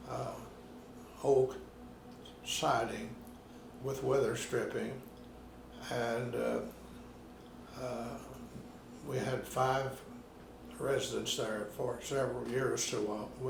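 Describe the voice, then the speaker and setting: Gravelly, slow-spoken man in his nineties. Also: mid-range voice. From Arkansas, USA. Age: 90s. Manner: slow, unhurried storytelling with pauses. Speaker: retired minister, interviewee. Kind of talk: oral history interview. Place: his apartment at home. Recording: roomy home recording with background noise.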